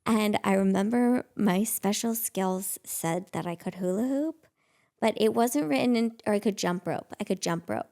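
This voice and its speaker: A woman's voice: mid-range voice, moderate pace, mellow. A woman in her thirties, a guest actress, telling stories in a casual, rambling way full of fillers. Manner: rambling storytelling, many fillers like "like". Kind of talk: casual chat.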